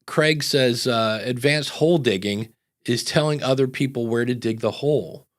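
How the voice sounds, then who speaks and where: A man's voice: medium pitch, normal speed. A man hosting a podcast, reading out chat comments and chatting casually with many fillers. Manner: loose and rambling, many fillers. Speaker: podcast host.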